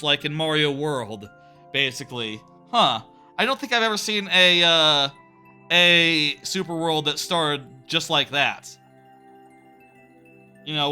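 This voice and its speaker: This man's fairly high voice sounds pushed, bright, and clean as he plays a game live. He chats in a relaxed way, fielding questions from his viewers along the way.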